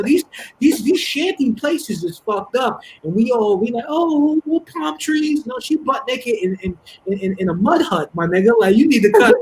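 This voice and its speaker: A man from Harlem, telling stories in an animated, laughing way as a podcast guest. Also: very high voice, a little hiss or hum, rough recording. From Harlem, New York. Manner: animated storytelling, laughing often. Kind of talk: casual podcast chat.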